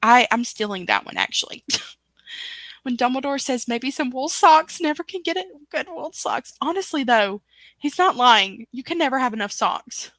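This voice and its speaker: A woman's voice: high-pitched, expressive, normal speed, fairly bright tone, dry recording. A woman hosting a casual livestream chat, reading viewer comments aloud in a chatty way. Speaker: book club host.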